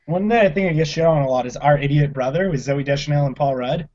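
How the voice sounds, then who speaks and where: A man's voice: a little high, fast talker, darkish tone. Laid-back swearing man, lo-fi recording. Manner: laid-back, swears freely, laughs often. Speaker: podcast co-host. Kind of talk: casual chat about comedy films. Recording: lo-fi dull audio.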